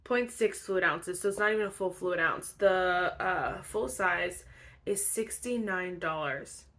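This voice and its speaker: A woman's voice: lowish voice, measured pace, fairly bright tone. A young woman chatting casually as a beauty vlogger, bubbly and full of fillers, sounding a bit stuffy and congested. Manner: bubbly, chatty, filler-heavy with frequent laughs. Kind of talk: casual chat.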